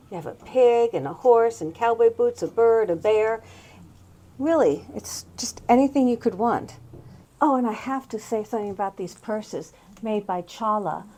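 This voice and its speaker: A woman's voice: a little high, dark tone. A middle-aged woman hosting a casual tour of antique and thrift shops, pointing out items with fond admiration. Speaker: host touring antique shops. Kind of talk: casual walking shop tour.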